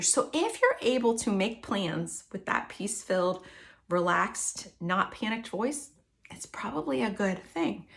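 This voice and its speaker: A woman hosting a faith-based wellness podcast, coaching listeners and acting out anxious and calm self-talk. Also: medium pitch. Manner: warm coaching tone, acts out inner self-talk. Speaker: podcast host.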